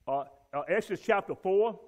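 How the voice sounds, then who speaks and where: A man's voice: sits high, expressive, fairly quick, a little mellow. A man teaching a Bible lesson and reading scripture aloud, emphatic and repeating key words for stress.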